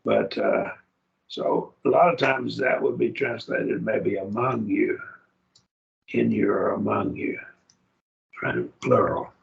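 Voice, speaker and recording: A man teaching a Greek grammar class, who speaks slowly and repeats each word form aloud to model how it is pronounced. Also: fairly low pitch, steady tone, gravelly, lo-fi sound. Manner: slow, repeats words aloud to model pronunciation. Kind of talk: classroom lecture. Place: church classroom.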